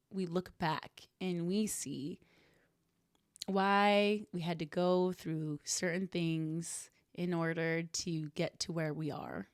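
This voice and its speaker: A woman's voice: on the low side, dry recording. Brief: young woman, podcast host, earnest reflective solo talk, dry close sound. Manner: earnest, warm, self-reflective, laughs softly.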